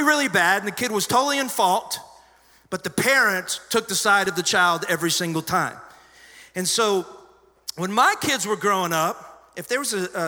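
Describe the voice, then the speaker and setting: High-pitched, sharp-voiced preacher man. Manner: conversational storytelling with sudden loud emphasis. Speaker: pastor. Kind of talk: sermon. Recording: long hall reverb.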